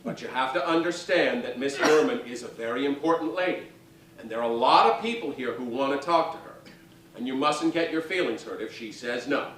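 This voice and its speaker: A man on a stage voicing a poised mother calmly instructing her young son. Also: medium pitch, slight background noise, close to an everyday voice. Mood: firm. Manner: measured and instructive. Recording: roomy live stage sound from a distance.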